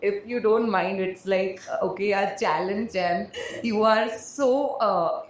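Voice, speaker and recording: A woman's voice: medium pitch, slow pace, reverberant. A woman hosting a podcast, talking in a loose, rambling way. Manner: rambling, many fillers, laughs often. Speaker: podcast host. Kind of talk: casual interview chat.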